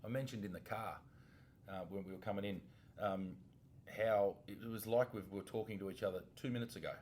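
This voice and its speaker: A man in his forties with an Australian accent, co-hosting a casual podcast as a former police officer, laid-back and quick to laugh. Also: fairly low pitch, fairly even intonation, darkish tone, a little hiss or hum. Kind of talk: casual chat.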